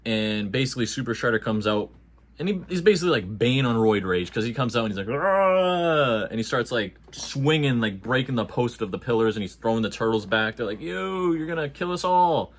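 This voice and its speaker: A man giving a casual, animated and slangy movie review, joking along as he talks. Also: fairly low pitch, fast talker.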